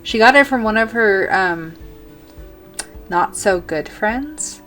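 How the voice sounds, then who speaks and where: A woman's voice: medium pitch, expressive, a little slow, a bit bright, faint music behind. Rambling woman narrating a game build. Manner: rambling, self-correcting, thinking aloud. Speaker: gaming video creator. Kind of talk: casual commentary while building in a game.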